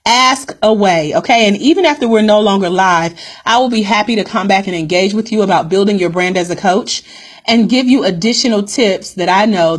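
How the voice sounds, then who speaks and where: A woman's voice: medium pitch, husky. A woman business coach hosting a live-streamed coaching call, upbeat and direct, calling her viewers "guys" and repeating her key points.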